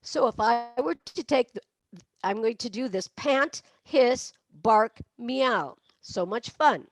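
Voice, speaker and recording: A woman teaches breath support for singing, acting out the exercises as she goes. Her voice sits a little high and sounds dry and close to the mic, with no room around it. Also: animated, slow pace, dry recording. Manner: demonstrative, breaks into barks, meows and sung laughs. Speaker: vocal coach. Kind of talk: online voice lesson.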